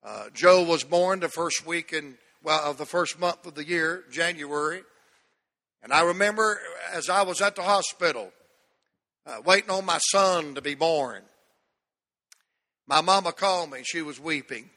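A man's voice: fairly high pitch, measured pace, sharp tone. A man preaching a sermon to a church congregation, telling a folksy story and drawing out key words for emphasis. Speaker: pastor. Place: church sanctuary. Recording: long church hall reverb.

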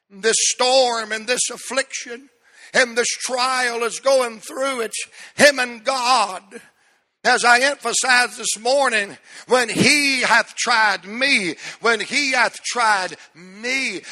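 A man's voice: very high voice, bright, forceful tone, long reverb tail. A man in his sixties preaching a sermon as pastor in a church, emphatic and repeating key words for stress. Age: 60s.

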